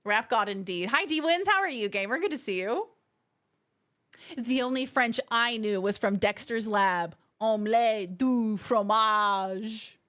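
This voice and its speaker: An American woman streaming live and bantering with her chat. Her voice sits a touch high and swings widely in pitch, bouncing between jokes and silly put-on accents. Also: lively intonation, measured pace, a bit bright. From United States. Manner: playful, chatty, slips into mock accents.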